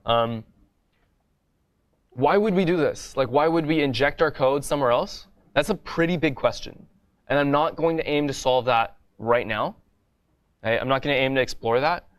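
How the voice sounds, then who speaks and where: A man's voice: medium pitch, clear, resonant tone. A man teaching a coding bootcamp lecture in a classroom, explaining step by step in a casual way and often asking "right?".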